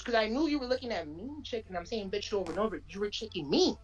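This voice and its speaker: A woman chatting casually as a podcast co-host, telling a story in an animated way, with lots of slang and swearing. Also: on the high side, very fast, few pauses, muffled recording.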